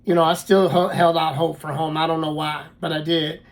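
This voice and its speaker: Gravelly-voiced man telling his story. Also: a little high, level tone. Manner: halting, with many fillers and restarts. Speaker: podcast host telling his life story. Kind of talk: casual personal storytelling.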